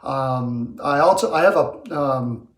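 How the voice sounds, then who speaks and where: A man's voice: mid-range voice, slow. A man hosting a sports picks video, talking in a playful, self-mocking, rambling way from his bathroom. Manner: playful, self-mocking, animated swings in loudness. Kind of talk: rambling comic monologue. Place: small bathroom. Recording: echoey small room.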